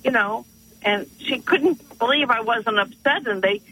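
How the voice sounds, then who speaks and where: A woman's voice: a little high, unhurried, sharp tone, breathy edge. A woman from northeastern Pennsylvania calling into a radio show, telling a story earnestly and with animation. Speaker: caller. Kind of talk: phone-in storytelling. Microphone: telephone. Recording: tinny phone line.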